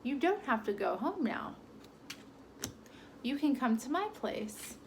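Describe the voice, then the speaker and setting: A woman voicing a sly wolf who speaks in a smooth, polite, coaxing way. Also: high-pitched, big pitch swings, takes it slowly, background noise, voice pushed up, exaggerated voice. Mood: inviting.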